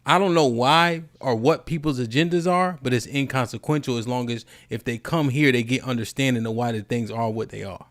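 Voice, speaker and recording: A man hosting a live-stream talk show, chatting casually with loud, profane energy and reading out viewer donations. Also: mid-range voice, brisk, hardly any pauses. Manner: animated, profane, reads out super chats. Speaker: podcast host.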